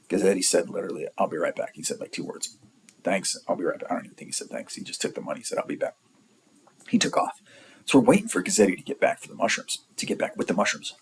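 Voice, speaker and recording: A man in his forties with a gravelly, husky voice, pitched a little low. He tells a long personal story in a loose, rambling way, blunt and full of profanity. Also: poor audio. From San Diego area, California. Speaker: storyteller vlogger. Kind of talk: casual storytelling.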